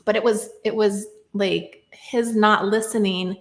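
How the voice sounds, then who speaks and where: A woman's voice: medium pitch, fairly even intonation, measured pace, echoey room. A woman in her thirties, a podcast guest talking through a personal story in a reflective, casual way, often saying "like" and "right?". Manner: reflective, many fillers like "like" and "right?".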